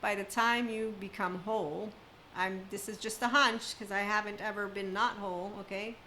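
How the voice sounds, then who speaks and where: A woman's voice: medium pitch, fairly even intonation, normal speed, sharp tone, a little hiss or hum, poor audio. A woman speaking as a spiritual self-help speaker, talking emphatically in long run-on sentences in an unscripted monologue.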